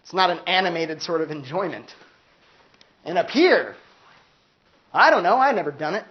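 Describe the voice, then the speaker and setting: A man's voice: sits high, lively intonation, normal speed, lo-fi sound. A male philosophy lecturer giving a casual, conversational class talk, often saying "like" and acting out quoted voices. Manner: conversational, peppers speech with "like", acts out quoted voices. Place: university classroom.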